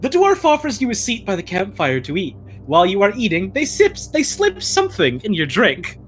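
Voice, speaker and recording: A woman's voice: medium pitch, wildly swooping pitch, normal speed. A woman playing a text adventure game on a stream, giggly and playful, reading her turn aloud. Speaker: game player.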